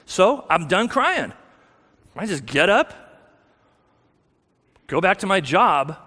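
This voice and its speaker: A man's voice: high voice, very animated, slow pace, bright, forceful tone. A man giving a candid, self-deprecating personal testimony as a guest speaker in a church, with many restarts. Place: church sanctuary. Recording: long hall reverb.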